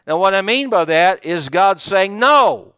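A man delivers a folksy sermon, stumbling through restarts and fillers as he explains. His voice sits a little high and swings widely in pitch. The sound is dry and close, with no room echo. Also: measured pace, clear, resonant tone. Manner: folksy, animated preaching with many fillers and restarts. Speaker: pastor.

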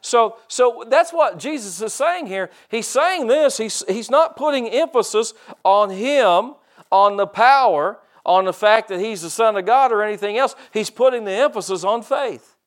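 A man's voice: high-pitched, expressive, normal speed. An older man preaching a sermon in a folksy, conversational way, often repeating and restarting words and acting out quoted voices. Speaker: pastor.

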